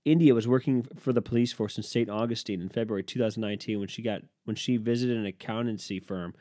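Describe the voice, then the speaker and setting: A man's voice: on the low side, fast, mellow, dry recording, studio quality. Sarcastic, swearing man on a podcast. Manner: sarcastic, swears often, reacts to headlines. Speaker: podcast host. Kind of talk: profane solo podcast rant.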